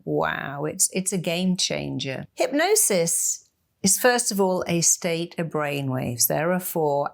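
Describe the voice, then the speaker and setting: Expressive woman, slightly low voice. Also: vocal fry. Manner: expressive, acts out inner voices in quotes. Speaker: hypnotherapist. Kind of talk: motivational talk.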